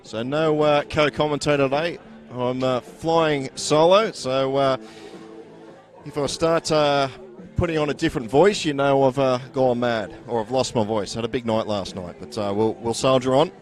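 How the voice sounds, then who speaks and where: An Australian man commentating live at a local football ground, chatty and relaxed with many fillers. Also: medium pitch, normal speed, soft background music. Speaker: sports commentator.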